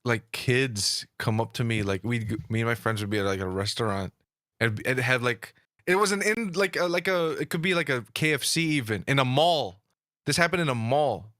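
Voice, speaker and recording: A man chatting on a podcast with a bright, forward voice. The sound is dry and close. He talks hesitantly and fills his sentences with fillers. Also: mid-range voice, moderate pace, no room sound. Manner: hesitant, filler-heavy, loose phrasing. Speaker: podcast co-host. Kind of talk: casual chat.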